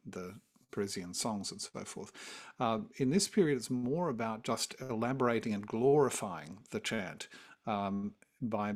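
A man who is a music scholar, explaining history with enthusiasm in a conversational interview. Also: on the low side. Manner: enthusiastic, lecturing.

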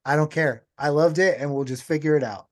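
Excitable male podcast co-host. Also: a little high, brisk. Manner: excitable, enthusiastic. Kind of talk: casual movie chat.

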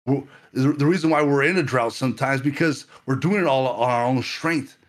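A man's voice: medium pitch, brisk. A man preaching a sermon to a livestream audience, earnest and full of stammered repetitions.

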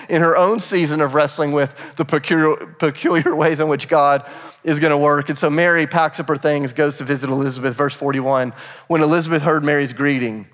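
A man pastor giving a sermon, telling the story with animated, conversational energy and briefly acting out quoted voices. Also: a little high, big-room sound. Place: church sanctuary.

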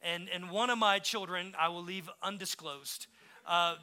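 A male pastor preaching a sermon with passion, swinging from hushed, tender moments to emphatic peaks, full of conversational asides and quick restarts. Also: high-pitched, smooth.

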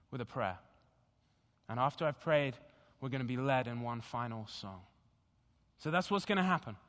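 A pastor speaking slowly and deliberately in a sermon, guiding the congregation through a scripture meditation. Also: male voice, on the high side. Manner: slow, deliberate and gentle. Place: church sanctuary. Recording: long hall reverb.

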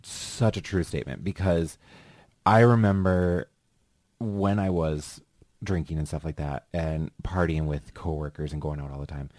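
A man's voice: rumbling low, fairly even intonation, measured pace, darkish tone, dry recording. A man hosting a podcast, talking in an earnest, chatty way. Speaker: podcast host. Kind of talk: casual chat.

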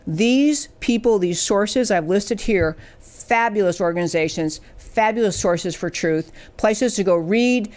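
A woman's voice: mid-range voice, a little slow, darkish tone. A woman hosting a political talk show, speaking emphatically and asking rhetorical questions. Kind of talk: political commentary.

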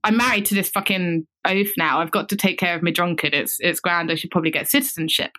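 A woman's voice: fairly low pitch, steady tone, quick pace, pushed and bright, pitched below the performer's own voice. Woman quoting a defiant Irish actress. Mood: resigned. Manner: exasperated, swearing, matter-of-fact. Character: strong-willed Irish actress, exasperated and defiant.

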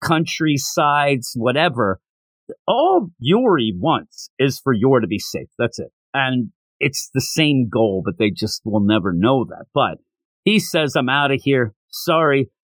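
Slowly and in a mid-range voice, a podcast host chats casually through a manga chapter, animatedly retelling it with quoted character lines. The recording is dry and low-quality.

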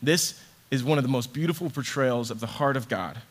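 A man's voice: medium pitch, fairly quick. Young man preaching an earnest, casual sermon. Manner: conversational and earnest, with casual fillers. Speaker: ministry associate director preaching.

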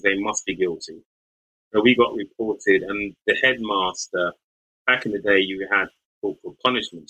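Bright, husky-voiced man reminiscing. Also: on the low side, low-quality recording. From English West Midlands. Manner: thoughtful, searching, with frequent restarts and light laughs. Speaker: lawyer and podcast guest. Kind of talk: reflective interview storytelling.

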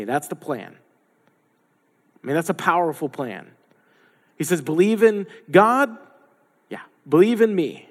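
A man's voice: a little high, sing-song, a little slow, pauses often. Man preaching in a reverberant hall. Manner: conversational, acts out quoted voices with playful asides. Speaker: pastor. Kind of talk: sermon.

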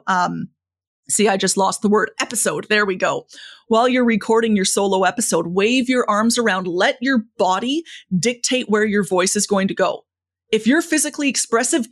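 A woman speaking coach giving advice as a podcast guest, expressive and lively, with a voice that moves up and down a lot. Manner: lively, varied pitch, expressive. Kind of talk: conversational interview.

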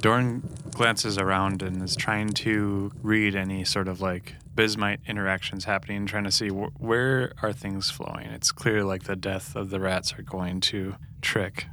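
A man's voice: on the low side, level tone, a little slow, hardly any pauses, sharp tone. A man playing a character in a tabletop game, talking casually and thinking aloud about his moves. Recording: noisy background.

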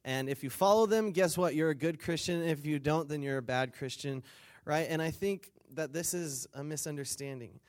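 Man giving a lively casual sermon. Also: fairly high pitch, normal speed. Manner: conversational, acts out quotes, asks the crowd for responses. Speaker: speaker at a weekend retreat.

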